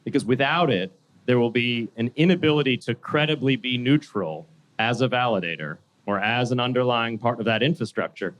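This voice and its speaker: A man speaking as a panelist in a discussion, making deliberate, argued points with occasional restarts. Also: mid-range voice, lively intonation, fairly bright tone.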